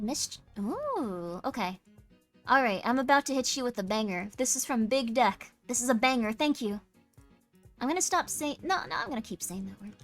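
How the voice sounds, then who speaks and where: A young woman with a high voice chats casually to her live-stream viewers, bubbly and a little tired. Her pitch jumps to squeaky highs when she gets excited. Faint music plays softly behind her.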